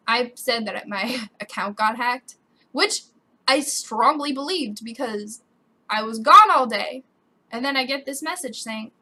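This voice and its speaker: A young woman rants on her vlog, emotional and on the edge of crying. Her voice sits high and sounds bright, and she swears casually as she vents. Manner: emotional, swearing, voice breaking with quoted outbursts. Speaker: gaming YouTuber. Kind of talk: upset personal vlog rant.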